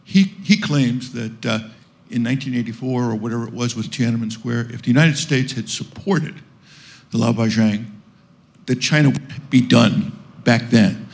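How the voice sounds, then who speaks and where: A man's voice: medium pitch, fairly even intonation, normal speed, gravelly. A man from Brooklyn, an audience member asking a long, wry, informal question. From Brooklyn, New York.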